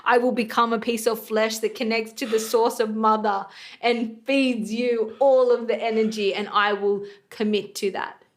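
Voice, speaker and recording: A woman's voice: a little high, flat delivery, moderate pace, lightly acted. A woman voicing a proud, devoted placenta that declaims in grand, solemn speech.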